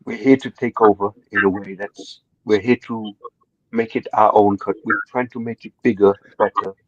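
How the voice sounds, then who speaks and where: A man's voice: on the low side, steady tone, normal speed, dry recording, natural voice. A man playing a cocky migrant caller who taunts the hosts and keeps calling them brother. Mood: taunting. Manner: provocative, taunting, calls others brother. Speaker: prank caller posing as a migrant. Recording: dull lo-fi dry call audio.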